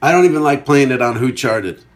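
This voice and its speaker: A man hosting a solo comedy podcast and counting down a chart. His voice sits at an ordinary middle pitch for a man. He rambles, cracks jokes and argues with himself between songs. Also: a little fast. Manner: rambling, jokey, talks back to himself. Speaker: podcast host.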